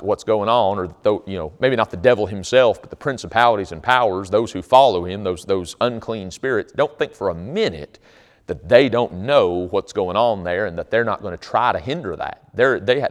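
Low-voiced preacher in a reverberant hall. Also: male voice. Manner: conversational storytelling, emphatic. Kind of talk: sermon.

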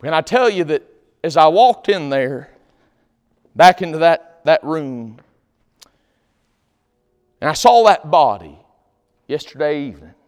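Impassioned preacher in a reverberant church. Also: male voice, a little high, expressive, a little slow, pauses often, smooth. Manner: impassioned Southern preaching with sudden loud shouts. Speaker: pastor. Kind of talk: sermon. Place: church sanctuary.

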